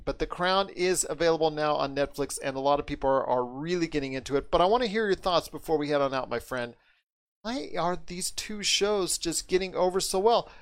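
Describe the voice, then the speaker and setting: Upbeat American podcast host, higher voice. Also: male voice, expressive. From United States. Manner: enthusiastic, drawn-out emphasis. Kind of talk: casual podcast chat.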